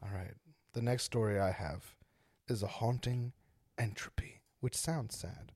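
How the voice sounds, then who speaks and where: A man's voice: lowish voice, measured pace, a little mellow, slightly rough, no echo, studio quality. A man hosting a casual podcast, joking around and reading spooky stories aloud with dramatic emphasis. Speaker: podcast host.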